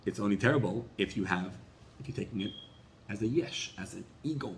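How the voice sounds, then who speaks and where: A man, a rabbi, giving a sermon, rising to loud emphatic peaks and then dropping to quiet asides. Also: fairly low pitch, fairly quick, a little hiss or hum.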